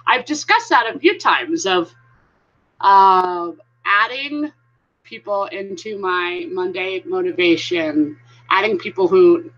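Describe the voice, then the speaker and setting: A woman with a bright, forceful voice chats her way through a live stream, greeting viewers by name in a friendly, talkative run. The sound is a little dull and lo-fi, as if from a modest home setup. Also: medium pitch. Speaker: vlogger hosting a live stream. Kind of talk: casual live-stream chat.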